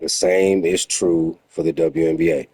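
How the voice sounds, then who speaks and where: A man's voice: low voice, flat delivery, unhurried, darkish tone, breathy edge. A man giving blunt, emphatic reaction commentary in a lecturing tone.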